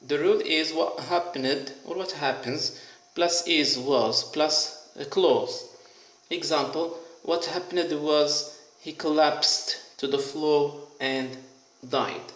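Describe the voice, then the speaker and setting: A man teaching an English grammar lesson, explaining step by step and repeating example sentences slowly and deliberately. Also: a little high, a bit bright. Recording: echoey room.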